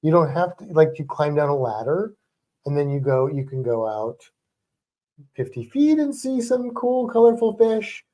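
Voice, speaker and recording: A man's voice: on the high side, very animated, normal speed, warm tone. A man co-hosting a livestream in casual chat, rambling with lots of "like" and restarts. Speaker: livestream co-host.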